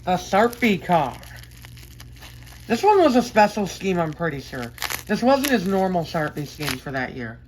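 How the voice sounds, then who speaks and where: A woman with a fairly low voice chats eagerly to her viewers from her bedroom, gushing and correcting herself as she unboxes collectibles. Her talk wanders with fillers and happy asides. A faint hiss of room noise sits under the recording. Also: sing-song, measured pace, darkish tone, low-quality recording. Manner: enthusiastic, chatty, rambling with fillers and self-corrections. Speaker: diecast collector vlogger. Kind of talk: casual unboxing chat.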